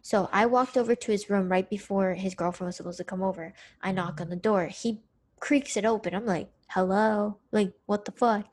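A young adult woman co-hosting a podcast, telling a personal story in a candid, profane, animated way. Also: medium pitch, fairly quick. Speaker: podcast co-host. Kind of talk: casual storytelling chat.

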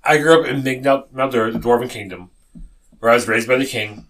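A man playing a tabletop game with friends, excitable and swearing freely. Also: mid-range voice, brisk, slight background noise, rough recording. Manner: excitable, swears a lot, laughs. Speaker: player. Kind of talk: casual tabletop game chat.

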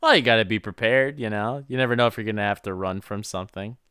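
A man's voice: lowish voice, fast, bright, forceful tone, clean tone, dry recording, clean studio sound. A man co-hosting a casual movie recap podcast, joking around, swearing casually and laughing often. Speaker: podcast co-host.

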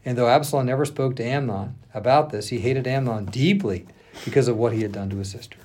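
Pastor reading scripture with lively expression. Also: male voice, medium pitch, quick pace, slight background noise. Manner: lively expressive reading, stops to check names. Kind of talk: reading scripture aloud on a podcast.

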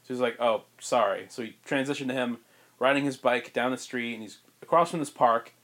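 A man co-hosting a podcast, pitching a story in rambling casual chat with many fillers and frequent laughs. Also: fairly even intonation, brisk, pushed and bright. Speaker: podcast co-host.

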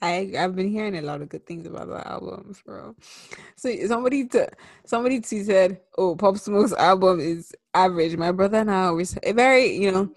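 A woman's voice: mid-range voice, fairly quick, gravelly, no echo, studio quality. A woman co-hosting a podcast, chatting casually in a playful, joking way. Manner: playful, hyping, jokey. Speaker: podcast co-host. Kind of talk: casual chat.

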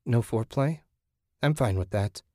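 A man voicing a frightened, submissive young woman who speaks quietly and mumbles. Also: medium pitch, animated, normal speed, no echo, clean studio sound, natural voice. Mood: subdued.

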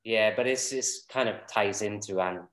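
Male podcast co-host, low voice, rambling casual chat, echoey room. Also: normal speed, a bit bright. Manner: rambling, chuckling, full of fillers.

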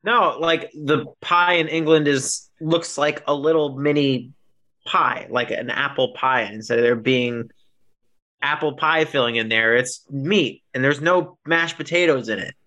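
A man co-hosting a casual podcast, with a bright, forward tone. He rambles through his stories, stopping and restarting to fix what he just said, in loose, easygoing chat. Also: mid-range voice, unhurried, muffled recording. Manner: rambling, self-correcting storyteller. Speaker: podcast co-host.

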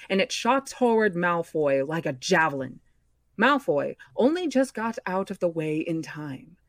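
A woman reads a novel aloud at an unhurried, slow pace. Her voice sits on the low side and the sound is dry and close. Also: no room sound. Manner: measured, expressive storytelling. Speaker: book club podcast host.

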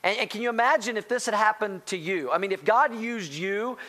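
A man preaching a sermon as pastor, animated, talking straight to the congregation and calling out to them. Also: high voice, fairly quick. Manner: animated, rising to near-shouting excitement; addresses congregation directly as church.

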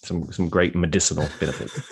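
A male podcast co-host with a fairly low voice, joking in a dry, laid-back manner. He keeps the chat casual and easygoing. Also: steady tone, brisk, vocal fry, husky.

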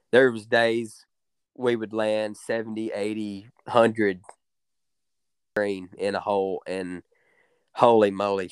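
A young man, telling hunting stories as a guide in a drawling, excited way with many fillers. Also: lowish voice, clean tone, dry recording. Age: young adult. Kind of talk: casual storytelling.

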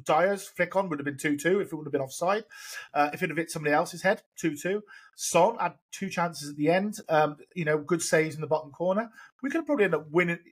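A man's voice: a little high, fast talker, slight background noise. A man co-hosting a football podcast, speaking as an enthusiastic fan in casual chat. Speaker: podcast co-host.

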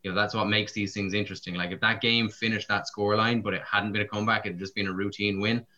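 A man's voice: lowish voice, flat delivery, fast talker, pushed and bright. A man chatting casually about rugby, with lots of fillers. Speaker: podcast co-host. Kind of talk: casual sports chat. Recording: dull lo-fi sound.

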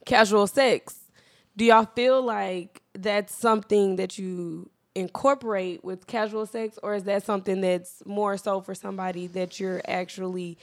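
A woman's voice: mid-range voice, steady tone, unhurried, dry recording. Frank, playful woman co-host. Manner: leads the topics, frank and playful. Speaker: podcast co-host. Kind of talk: casual chat.

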